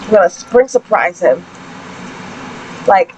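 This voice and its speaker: A young woman giving chatty, excitable let's-play commentary, exclaiming often as she narrates the story. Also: mid-range voice, normal speed, poor audio. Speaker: gaming channel host. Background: game music.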